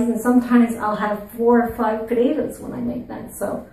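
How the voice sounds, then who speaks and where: A woman's voice: on the high side, little pitch movement, normal speed, very echoey, recorded from a distance, a little hiss or hum, poor audio. A woman with a Maritime Canadian accent from Newfoundland and Nova Scotia, a channel host chatting casually and playfully to her viewers. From Atlantic Canada. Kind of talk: casual chat to camera.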